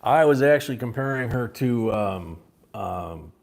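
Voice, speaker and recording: A man's voice: medium pitch, expressive, unhurried, vocal fry. A man from Chicago hosting a live-streamed coin auction, chatting between calls of bidders' names and bids. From Chicago, USA.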